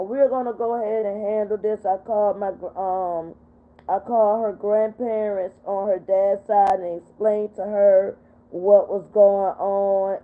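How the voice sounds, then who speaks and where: An older woman talks through a thin, phone-like livestream feed, upset and close to tears. She keeps stopping to read out viewer comments and answer them. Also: mid-range voice. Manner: upset, tearful. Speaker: livestream host. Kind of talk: emotional livestream talk reading viewer comments. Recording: tinny phone-quality audio.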